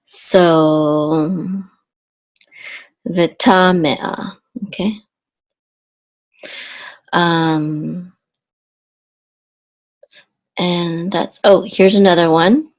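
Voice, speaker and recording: Brief: woman Hebrew teacher, slightly hoarse, unhurried delivery, chants verses. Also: on the low side, fairly even intonation, a little mellow. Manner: patient, repeats terms, chants the verses. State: slightly hoarse, clearing her throat. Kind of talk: slow explanatory lesson with chanted Hebrew.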